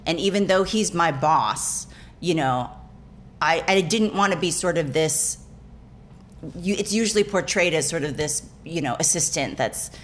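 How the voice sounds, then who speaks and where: A woman's voice: low-pitched, lively intonation, a little slow, slight background noise. A woman actor, a guest in a casual interview, telling rambling stories with frequent restarts and laughs. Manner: rambling, self-correcting, laughing storyteller.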